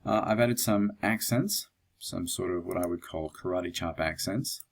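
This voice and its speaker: Male tutor, very low gravelly voice, unhurried screencast explainer. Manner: calm, explanatory, with fillers. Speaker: music teacher.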